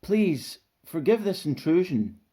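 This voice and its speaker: Storybook: man doing polite formal warthog, raised pitch. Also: sing-song, slow pace, mellow, breathy edge, heavily acted. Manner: formal and courteous.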